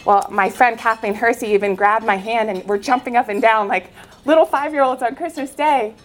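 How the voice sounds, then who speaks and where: A woman who is a former Olympic swimmer gives an inspirational faith talk, telling her story in an earnest, animated way. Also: fairly high pitch, moderate pace.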